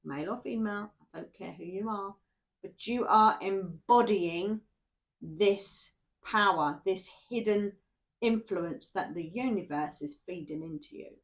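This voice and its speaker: A woman gives a casual tarot reading to camera, chatty and rambling, and keeps checking in with "yeah?". Her voice is medium in pitch and a little slow.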